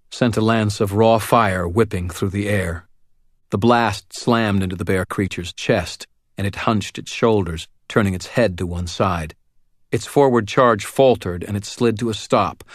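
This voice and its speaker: A man with a very low voice narrates a first-person story in a measured, wry way. The sound is dry and close, with no room around it. His tone stays steady and even. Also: no room sound. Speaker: audiobook narrator.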